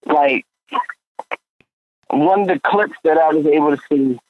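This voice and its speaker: A man co-hosting a casual podcast, chiming in with short remarks and halting starts. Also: a little high, no echo. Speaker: podcast co-host. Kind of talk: casual chat. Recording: dull lo-fi dry sound.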